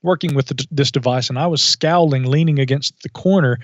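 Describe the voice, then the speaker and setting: A man as a podcast guest, telling a story in a thoughtful, measured way with asides and self-corrections. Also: mid-range voice, dry recording. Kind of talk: reflective storytelling in conversation. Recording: dull lo-fi audio.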